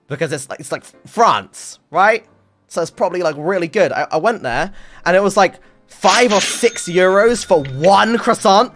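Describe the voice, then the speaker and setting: A man streaming, telling a story in casual chat, animated and swearing often, acting out the people in it. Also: high voice, normal speed, faint music behind. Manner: animated, swears a lot, acts out voices in the story.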